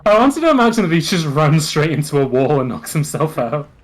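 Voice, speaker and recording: A man's voice: fairly high pitch, big pitch swings, brisk. A man casually riffing and joking while playing a video game with friends. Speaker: gaming streamer.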